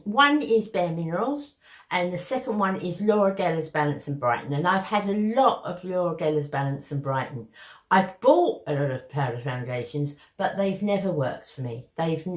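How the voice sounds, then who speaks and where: An older East End woman with a Cockney accent chats warmly to her viewers to camera in a beauty vlog. Her voice sits on the lower side and sounds animated, moving at a normal speed in an echoey room.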